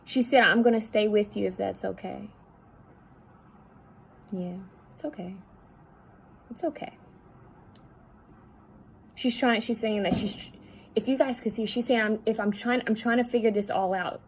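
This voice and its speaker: A woman psychic medium talking at home, relaying messages in a halting, repetitive way that often drops to a hushed voice. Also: medium pitch, vocal fry, slight background noise, low-quality recording. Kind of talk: spirit-channeling video monologue.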